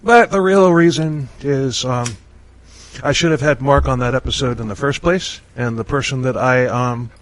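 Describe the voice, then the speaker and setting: A male podcast host chatting casually with a guest. He rambles, restarts his sentences and laughs often. His voice sits in an everyday middle pitch. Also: normal speed, low-quality recording. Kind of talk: casual chat.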